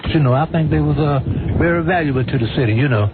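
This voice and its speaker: A man answering questions in a street interview, halting and hesitant, often replying with a flat no. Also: on the high side. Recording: lo-fi tape with traffic noise.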